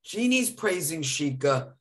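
A man's voice: fairly high pitch, very animated, unhurried. A man co-hosting a live podcast, talking in an effusive, emotional, gushing way. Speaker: podcast co-host.

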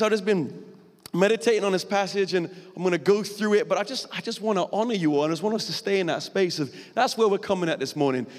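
Earnest male pastor in a reverberant hall. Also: high-pitched. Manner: earnest, conversational, emotional preaching. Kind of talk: sermon. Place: church hall.

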